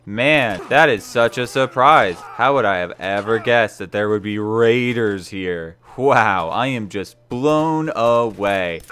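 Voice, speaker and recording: A man's voice: on the low side, fairly bright tone, smooth. A young man giving casual, rambling gameplay commentary with a dry, sarcastic streak. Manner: chatty, rambling, dryly sarcastic. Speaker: let's play host.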